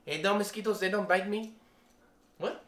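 A man's voice: sits high, normal speed, a bit bright, roomy sound, pitched above the performer's own voice. A man voicing a cheerful, boastful bald pastor from the Philippines, with a Filipino accent.

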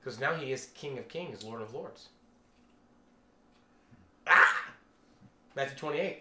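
A man preaching a casual sermon to a small group, animated and chatty, exclaiming as he tells stories. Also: mid-range voice, slow, long pauses, echoey room, very noisy.

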